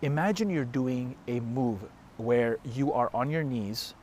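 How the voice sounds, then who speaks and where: A man's voice: medium pitch, a little slow, a little mellow, a little hiss or hum. A man giving an emphatic, blunt motivational talk straight to the camera as a fitness coach, with frequent swearing. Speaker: fitness and self-help coach.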